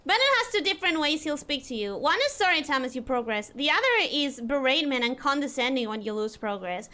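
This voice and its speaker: A woman's voice: sits high, very animated, a little fast, bright, forceful tone. A woman streaming a game live, chatty and self-deprecating, reading out chat messages and answering them. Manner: chatty, reads chat messages aloud and replies. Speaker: virtual streamer.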